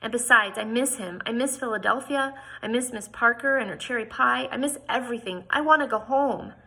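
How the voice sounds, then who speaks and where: Proper, stubborn young lady, high and pleading, read by a woman. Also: brisk, creaky, sharp tone, husky, heavily acted. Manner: pleading, raises her voice in upset.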